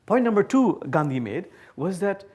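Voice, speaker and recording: A man delivers a public lecture before a live audience. His voice sits a little high and moves through a very lively range of pitch. He tells his points like a playful storyteller. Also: moderate pace. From Bangladesh. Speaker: guest speaker.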